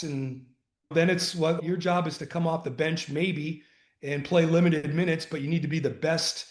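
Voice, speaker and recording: Male guest, retired coach; earnest storyteller, slightly high pitch, echoey room. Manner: earnest, animated anecdotes, acts out dialogue. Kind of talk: conversational storytelling.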